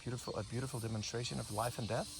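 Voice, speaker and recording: A breathing coach films wildlife outdoors on a morning walk, giving hushed, unscripted nature commentary to himself. His mid-range voice has vocal fry, fairly even intonation and a rapid-fire pace. He wonders and thinks aloud with restarts, while insects and birds fill the background.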